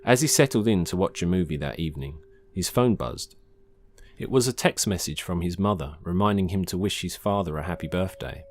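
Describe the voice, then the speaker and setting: Deep-voiced man reading a story. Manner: calm, measured reading. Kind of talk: scripted narration.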